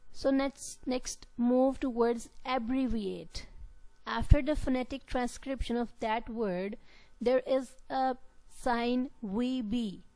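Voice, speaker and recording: A woman lecturer giving a classroom-style lesson, speaking deliberately and repeating key words for her students. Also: a little high, mellow, no echo, rough recording.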